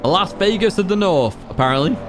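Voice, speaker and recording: A man's voice: high voice, animated, a little fast. A man from Blackpool, chatting casually and rambling while streaming a racing game and reading out chat. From Blackpool, England. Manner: chatty, rambling, reads out chat and laughs often. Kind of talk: casual livestream commentary. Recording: game engine noise behind.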